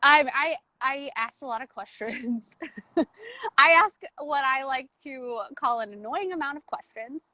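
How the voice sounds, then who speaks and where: Her high-pitched voice is pushed and bright, captured in a dry, low-quality recording. As a coaching-client guest in a casual interview, she shares her personal change with open emotion, rushing through the story and filling it with "like"s.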